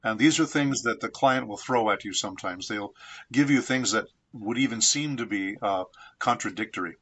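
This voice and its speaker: Bright-voiced man telling studio stories. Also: fairly low pitch, breathy edge. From San Diego, United States. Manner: measured, reflective storyteller. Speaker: voice actor guest. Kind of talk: anecdotal interview storytelling.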